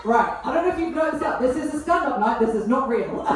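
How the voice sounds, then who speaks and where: A woman's voice: on the high side, expressive, moderate pace. A woman with an Essex accent doing stand-up crowd work on a club stage, cheeky and teasing the audience. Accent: Essex English. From England. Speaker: stand-up comedian. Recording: echoey room, mic heard from far. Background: audience laughter.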